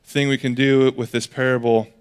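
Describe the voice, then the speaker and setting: A man's voice: mid-range voice, flat delivery, normal speed, smooth. A man preaching a sermon as pastor, in a casual, conversational way.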